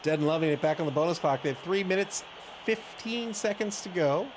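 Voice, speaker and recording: Male stream commentator, high and animated, self-mocking storyteller, noisy background. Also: brisk. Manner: chatty, self-mocking storyteller, laughs often. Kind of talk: casual game commentary and chat. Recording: audible background noise.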